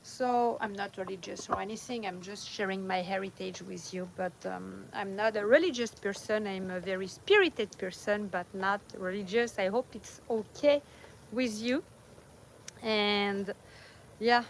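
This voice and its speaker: A woman's voice: mid-range voice, unhurried, vocal fry, a little hiss or hum, rough recording. A middle-aged woman with a strong French accent, chatting casually with viewers on a livestream and laughing often, recorded without a mic. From France. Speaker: vlogger. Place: van or home, at night. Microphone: no mic, phone or camera only.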